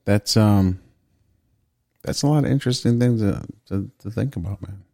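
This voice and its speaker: A man's voice: fairly low pitch, normal speed, gravelly, dark tone, dry recording, studio quality. A man co-hosting a podcast, chatting casually with jokes, swearing and frequent laughs. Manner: joking, profane, laughs often. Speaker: podcast co-host.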